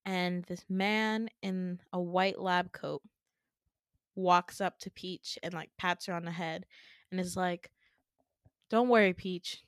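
A young woman hosting a podcast, retelling a dream in a casual, animated way with swearing and laughing asides. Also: lowish voice, slow, dry recording, clean studio sound. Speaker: podcast host. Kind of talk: casual storytelling.

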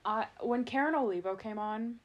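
A young woman hosting a podcast, chatting casually, giggling and animated. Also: a little high, normal speed, lo-fi sound. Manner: giggly, animated, slips into voices. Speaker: podcast host. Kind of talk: casual chat.

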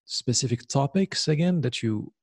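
A man's voice: mid-range voice, expressive, normal speed, dry recording, clean studio sound. A man interviewing a guest, hesitant, with many ums while he forms his questions. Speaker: interviewer, podcast host.

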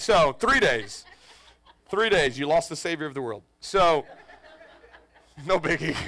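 A man in his forties, a pastor telling a funny family story to his congregation in an animated, joking way. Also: a little high, no room sound. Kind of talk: storytelling sermon. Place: church in front of a congregation.

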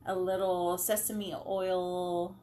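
A woman's voice: fairly low pitch, flat delivery, takes it slowly, warm tone. A woman in her thirties chatting casually about home cooking, laughing often and swearing now and then. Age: 30s. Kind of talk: casual chat.

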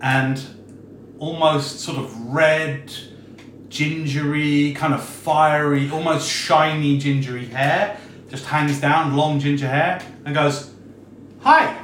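A man's voice: fairly high pitch, fairly even intonation, slow pace, fairly bright tone, slight background noise. A man running a tabletop game as game master, describing scenes unhurriedly with many fillers. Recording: roomy echo, distant mic.

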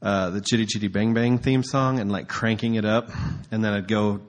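Man, pastor, laid-back storytelling sermon, lowish voice. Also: normal speed. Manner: relaxed, conversational, with filler words.

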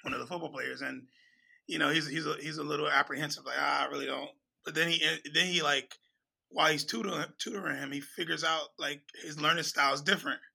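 A man's voice: fairly high pitch, steady tone, quick pace, gravelly, sharp tone, slightly rough, rough recording. A man in casual chat, enthusiastic and repeating words as he talks.

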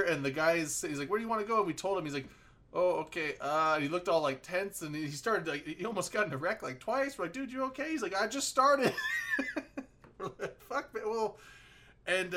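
Man, casual podcast chat, animated storyteller, very expressive pitch. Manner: animated storytelling, swears freely.

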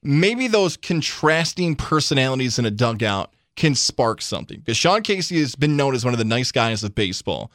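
A man's voice: medium pitch, very animated, normal speed, few pauses, a bit bright, dry recording, studio quality. A man co-hosting a sports radio show, giving opinions in casual talk and mimicking imagined conversations.

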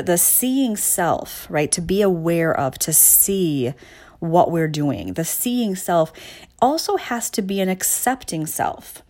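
A woman with a somewhat low-pitched voice talks through ideas about emotional awareness. Her delivery is conversational and searching, full of restarts and soft laughs, and she keeps checking in with listeners. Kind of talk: reflective talk to listeners.

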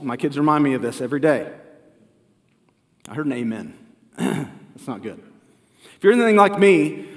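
A man in his forties delivers a Sunday sermon, keeping it conversational and earnest as he poses questions to his congregation. His voice sits a bit high for a man. The live recording carries the long reverb of a church sanctuary. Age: 40s. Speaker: family pastor.

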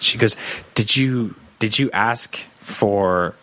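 A young man on a comedy podcast, telling a long personal story in an animated, joking way and acting out the people in it. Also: mid-range voice, drawn-out words. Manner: animated storyteller, acts out quoted voices. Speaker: podcast co-host.

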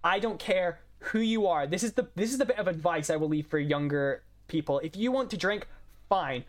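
A woman's voice: on the low side, a little fast. A young woman in casual chat who talks in a rambling way, full of "like" and fillers. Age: young adult. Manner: chatty, rambling, lots of fillers.

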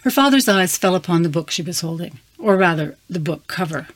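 A woman reading her fantasy story aloud with steady, measured narration. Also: on the low side. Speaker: story reader.

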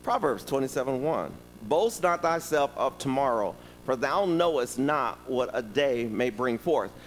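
A man preaching a sermon, telling stories and talking directly to the congregation in a lively, conversational way. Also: mid-range voice, unhurried, long reverb tail, slight background noise, poor audio. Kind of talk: sermon with storytelling.

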